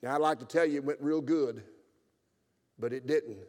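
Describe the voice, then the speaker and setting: A pastor in his seventies preaches a revival sermon in a church sanctuary, telling his own story. He swings between loud exclaiming and hushed, tearful telling, speaking at a normal speed in a mid-range voice, with a long reverb tail.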